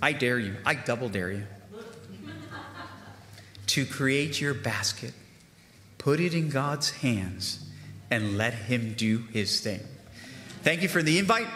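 A man's voice: mid-range voice, animated, takes it slowly, sharp tone, slight background noise. A man preaching a sermon as a guest speaker, fervent and emphatic, with a Spanish-speaking bilingual accent. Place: church sanctuary. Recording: echoey church with long reverb.

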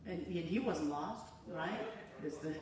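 With a fairly low pitch and lively intonation, a woman evangelist preaches unhurriedly in a church sanctuary, engaging the congregation through call-and-response in a fervent, conversational way. A crowd can be heard behind her, and the echoey hall is recorded from far off.

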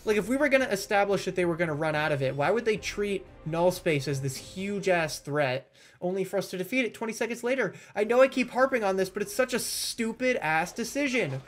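A man's voice: high-pitched, animated, brisk. A man giving let's-play commentary, sarcastic and critical as he rants about the game he is playing. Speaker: gaming YouTuber. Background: faint game music.

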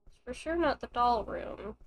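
A woman's voice: fairly high pitch, animated, moderate pace, rough recording. A young woman streaming a horror game, thinking aloud and swearing freely as she plays. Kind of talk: casual gameplay commentary. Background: faint game music.

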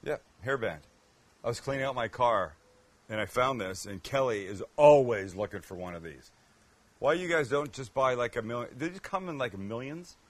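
Husky joking man hosting a cooking show. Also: mid-range voice, animated, moderate pace, no room sound. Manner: joking, chatty, self-mocking asides. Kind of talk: casual cooking demo chat.

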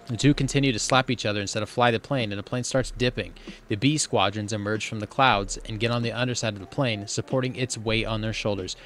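A man's voice: lowish voice, steady tone, quick pace, fairly bright tone. Man reading a script aloud, bursts of mock panic. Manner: reads every part in a barely changed voice with bursts of mock panic. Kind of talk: comic script read-through.

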